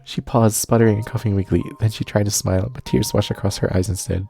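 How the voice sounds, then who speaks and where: Deep gravelly man reading a game aloud. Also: quick pace. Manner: steady narration, cursing asides. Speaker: streamer. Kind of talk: reading a visual novel aloud.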